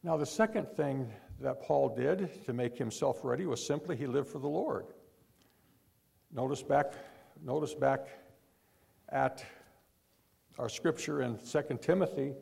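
A man preaching a sermon to a congregation, pleading and emphatic, pushing hard before dropping low. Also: measured pace, creaky, pauses often, a little mellow, husky.

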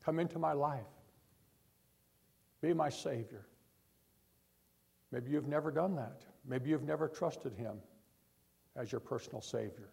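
A man preaching a sermon to a congregation, pleading and emphatic, pushing hard before dropping low. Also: gravelly, darkish tone, slightly rough.

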